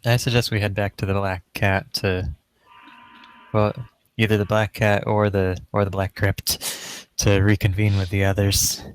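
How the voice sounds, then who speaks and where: Male gamer, low voice, flat and even delivery, measured. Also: clean tone, dry recording. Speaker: player. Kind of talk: casual tabletop game play.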